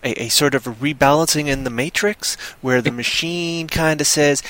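A man's voice: fairly high pitch, moderate pace, fairly bright tone. A man hosting a casual live show, talking in a hyper, playful way full of wordplay. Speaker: show host.

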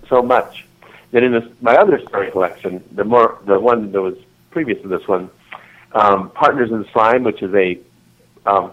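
A man's voice: mid-range voice, highs cut off. A man being interviewed as an author, chatting casually and rambling with lots of restarts and giggles. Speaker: author guest.

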